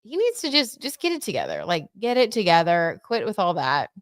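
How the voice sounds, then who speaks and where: A woman's voice: fairly low pitch, brisk, dry recording, clean studio sound. Chatty woman hosting a tarot livestream. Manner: chatty, animated, many fillers and asides to viewers. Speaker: tarot reader and livestream host. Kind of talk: casual livestream chat with tarot reading.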